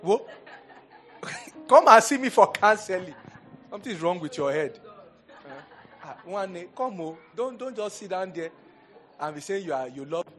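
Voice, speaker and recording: Animated Nigerian preacher man. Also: high voice, a little slow, pauses often, faint music behind. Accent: Nigerian English. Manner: animated, shifts between loud exhortation and quiet storytelling, laughs often. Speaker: pastor. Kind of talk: sermon.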